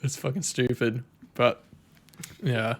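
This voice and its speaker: A man's voice: mid-range voice, slow pace. A young man, chatting casually on a livestream, rambling and swearing freely. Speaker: streamer.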